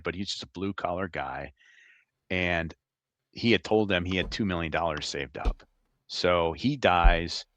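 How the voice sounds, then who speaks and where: A middle-aged man with a low voice tells lively, laughing stories from his career. He sounds close to the mic, with a dry sound and no room echo. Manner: animated, laughing anecdotes. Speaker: retired FBI agent, guest. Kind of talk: casual storytelling interview.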